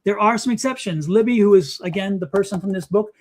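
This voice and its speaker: High-voiced, animated middle-aged man. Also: quick pace. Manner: animated, emphatic, repeats commands. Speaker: psychic guest. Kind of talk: live psychic reading and advice.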